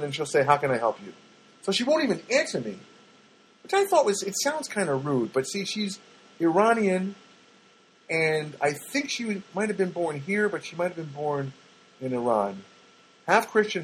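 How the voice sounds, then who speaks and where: Podcast guy rambling on about his week from his apartment, husky, voice jumps all over, kinda high. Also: low-quality recording. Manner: animated, meandering, self-interrupting. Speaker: podcast host. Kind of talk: rambling personal monologue. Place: studio apartment.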